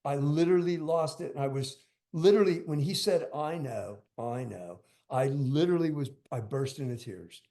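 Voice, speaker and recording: Older man, casual interview, rambling, emphatic, filler-heavy, raised pitch. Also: a little fast, dark tone. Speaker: guest drummer.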